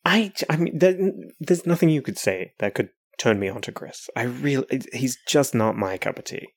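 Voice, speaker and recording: A woman's voice: rumbling low, expressive, moderate pace, breathy edge, no echo, studio quality. A woman co-hosting a casual podcast, chatting with laughs and doing mocking impressions. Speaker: podcast co-host. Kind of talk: casual recap chat.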